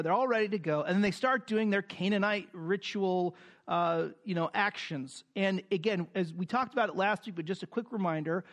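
High-voiced man preaching a verse-by-verse sermon. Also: fairly bright tone. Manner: explains scripture with fillers, reads verses with rising emphasis. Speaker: pastor.

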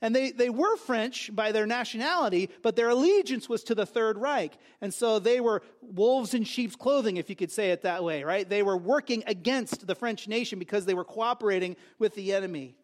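A man with a notably high voice preaching a sermon from the pulpit. He talks in an emphatic way, climbing louder and higher when he quotes scripture, and restarts his phrases often. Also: moderate pace, hardly any pauses. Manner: emphatic preaching with rising, loud quoted lines and frequent restarts. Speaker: pastor.

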